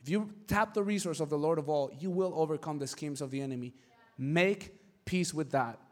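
A male pastor preaching with lively, emphatic delivery, acting out the people in his stories and sometimes rising to a shout. His voice sits high for a man. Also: quick pace. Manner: animated storytelling with acted voices. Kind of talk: sermon.

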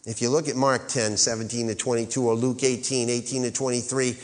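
A man's voice: medium pitch, level tone, a little fast, big-room sound. A male pastor preaching a sermon, rising to emphatic peaks and calling on the congregation to answer. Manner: rises to emphatic peaks, calls for congregation response.

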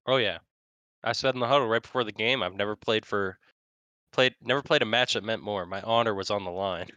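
Lower voiced guy, bright edgy tone, trash talking rivals, dry mic. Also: a little fast, clean tone, no echo, muffled recording. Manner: brash, competitive trash talk. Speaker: pro player and co-host. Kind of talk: casual esports chat.

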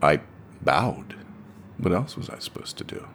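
A man's voice: low voice, lively intonation, unhurried, fairly bright tone, a little hiss or hum. A young man playing a cheeky dream traveler, narrating in a wry, chatty way. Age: young adult. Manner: wry, conversational storytelling. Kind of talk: audio drama monologue narration.

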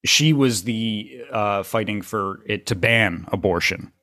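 Easygoing man thinking out loud. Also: lowish voice, slow, dry recording, studio quality. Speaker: podcast host. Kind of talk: casual chat.

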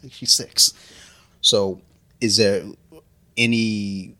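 A man's voice: lowish voice, steady tone, drawn-out words, bright, forceful tone. A man in his thirties in casual chat, profane and laughing as he tells stories, a little drunk.

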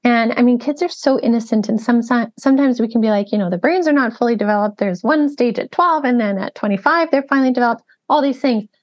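A woman's voice: fairly high pitch, fast talker, few pauses. A woman podcast host telling stories in a chatty way, full of fillers like "like" and "you know.". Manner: chatty storytelling with frequent fillers. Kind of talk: casual podcast conversation. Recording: muffled, dull lo-fi audio.

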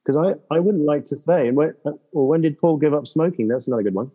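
A man's voice: a little high, quick pace, long reverb tail, highs cut off. A man co-hosting a podcast, easygoing and hesitant as he guesses answers in casual chat. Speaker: podcast co-host.

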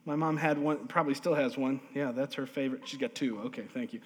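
A male pastor preaching a lively, humorous sermon in a church, drawing responses from the congregation. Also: medium pitch, quick pace. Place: church sanctuary. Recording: long hall reverb.

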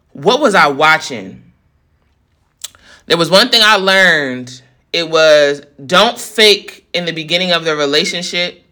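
A woman's voice: fairly low pitch, pushed and bright. Fired-up New woman ranting. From New York. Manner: heated, profane, venting. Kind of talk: storytime rant to viewers.

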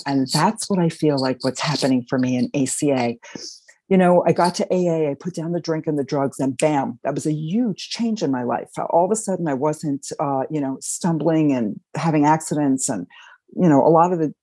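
A middle-aged woman sharing her recovery story, speaking in an emotional, halting and reflective way. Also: low-pitched, mellow, slightly rough, no echo, rough recording. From Baltimore, Maryland. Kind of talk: personal sharing.

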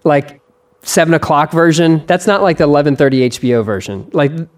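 A man's voice: on the high side, a little fast. A man hosting a podcast in casual chat, teasing his guest and talking loosely with lots of fillers. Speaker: podcast host.

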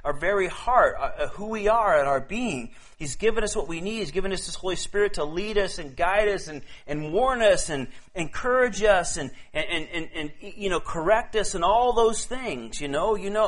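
A man preaching a casual, conversational sermon, often repeating words as he goes and reading scripture slowly and deliberately. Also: high voice, animated, a bit bright.

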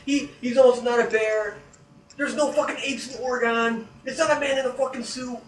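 A man's voice: very high voice, fairly even intonation, fairly quick, a little hiss or hum. A man telling a story in a casual, profane way, acting out scared reactions as he goes. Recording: echoey room heard from a distance.

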